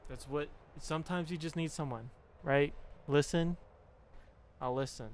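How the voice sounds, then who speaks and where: A man's voice: a little high, unhurried, slight background noise. A young man streaming and talking to his viewers, giving frank, profane relationship advice and mimicking the people he quotes. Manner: frank, swearing, pep-talk style. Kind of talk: casual chat to stream viewers.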